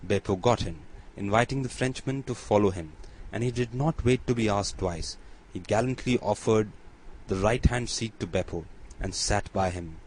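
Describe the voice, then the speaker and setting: A man narrating a classic novel as an audiobook in a steady, even reading. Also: lowish voice, normal speed, low-quality recording.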